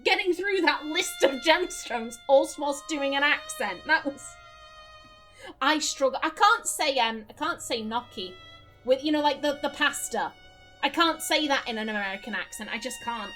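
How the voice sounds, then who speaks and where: Rich: A chatty woman gamer with a fairly high voice, joking about herself and swearing freely. Faint violin music plays in the background. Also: lively intonation, moderate pace, sharp tone. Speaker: gaming streamer. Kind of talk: casual let's-play commentary.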